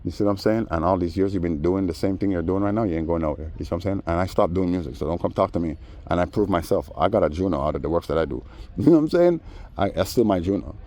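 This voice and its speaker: A man telling a story in a casual rant, animated and mimicking the people he quotes. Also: low voice, fast talker. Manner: animated, mimics others in quoted voices, laughs often. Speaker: vlogger.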